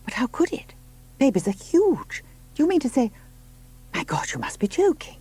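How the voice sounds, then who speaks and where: A man reading the part of an impulsive young pregnant woman who exclaims and shouts when upset. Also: extremely high pitch, wildly swooping pitch, normal speed, breathy edge, voice pushed up, exaggerated voice. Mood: angry. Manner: exclamatory, raising her voice to a shout.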